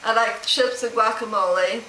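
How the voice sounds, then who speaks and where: A middle-aged woman at home chats casually to camera, rambling and laughing while answering a question tag for her vlog. Her voice is a little high and sharp, with fairly even intonation and normal speed, and the rough recording sounds roomy with a little hiss or hum.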